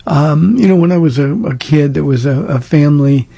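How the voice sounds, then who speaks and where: A gravelly man with a somewhat higher voice, a pastor from Southern California answering listener questions. He talks plainly and directly and draws on stories from his life. The tone is dark and husky. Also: normal speed. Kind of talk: casual call-in advice talk.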